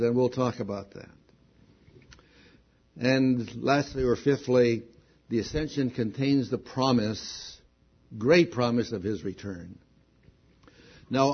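Male preacher, slow delivery, husky voice, dull lo-fi recording. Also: mid-range voice. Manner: slow, deliberate preaching that swells with excitement on key points. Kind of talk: sermon.

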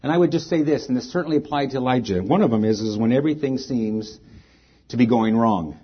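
Husky-voiced male pastor preaching. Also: medium pitch, fast talker, dull audio. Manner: reads scripture aloud with rising emphasis, then speaks plainly to the congregation. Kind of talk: sermon.

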